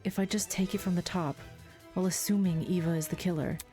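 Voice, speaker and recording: Casting: mellow-voiced woman, relaxed let's-play chatter, soft music behind. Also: fairly low pitch, quick pace. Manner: casual, amused, thinking aloud. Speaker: gameplay streamer.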